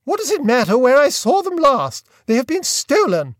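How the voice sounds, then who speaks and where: Casting: male narrator playing an imperious older aunt, loud and commanding, dry close sound. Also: extremely high pitch, wildly swooping pitch, measured pace, no echo, voice pushed up, exaggerated voice. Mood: impatient. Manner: snapping, scornful, haughty.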